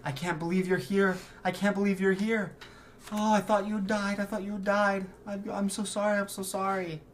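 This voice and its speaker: A man putting on a high, sobbing grieving mother. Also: flat delivery, normal speed, a little hiss or hum, lightly acted. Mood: weepy relief. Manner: sobbing, stammering, breathless. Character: tearful grieving mother, woman, middle-aged.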